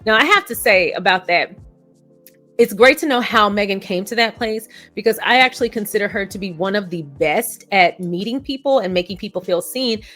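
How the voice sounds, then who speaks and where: A woman's voice: mid-range voice, lively intonation, fairly quick, a bit bright, faint music behind. A woman vlogger giving casual commentary to her viewers, chatty and candid, poking fun at herself. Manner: chatty, candid, self-deprecating storyteller.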